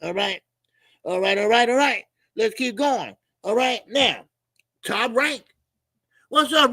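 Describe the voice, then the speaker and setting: A man's voice: very high-pitched, creaky, bright, forceful tone, dry recording, studio quality. A middle-aged man hosts a casual boxing livestream. He talks loose and profane, laughs a lot and reads out viewer comments and donations.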